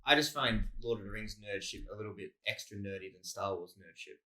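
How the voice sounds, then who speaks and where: A man's voice: lowish voice, fairly quick, pushed and bright. A young man co-hosting a casual comedy podcast, rambling and restarting his sentences as he talks. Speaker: podcast co-host.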